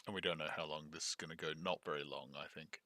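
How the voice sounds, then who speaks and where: A man's voice: extremely low pitch, steady tone, fast, pushed and bright, no room sound, studio quality. A man casually commenting while editing an audiobook, chatty and joking, greeting viewers in chat. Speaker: audiobook producer. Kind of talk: casual behind-the-scenes commentary.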